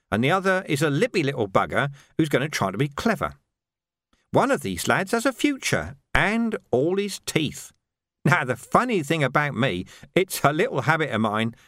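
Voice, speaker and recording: A man voicing a cruel, sly sergeant who speaks with mocking, slow menace. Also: on the high side, fairly bright tone, dry recording, clean studio sound, voice pushed up.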